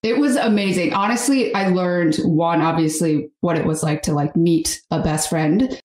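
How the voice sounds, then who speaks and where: A woman's voice: lowish voice, moderate pace, a little mellow. A woman in her thirties, a chef and podcast guest, talking earnestly and reflectively in casual chat. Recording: roomy echo.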